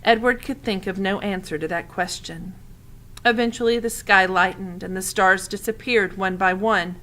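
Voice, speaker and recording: A woman's voice: mid-range voice, fairly even intonation, normal speed, sharp tone. A woman reading a children's novel aloud expressively, adding asides to the listener. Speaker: audiobook reader.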